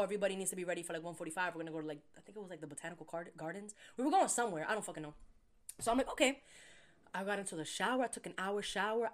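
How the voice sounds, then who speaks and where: A young adult woman co-hosting a podcast, telling a story in casual chat, animated and profane, acting out quotes loudly. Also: medium pitch. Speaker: podcast co-host.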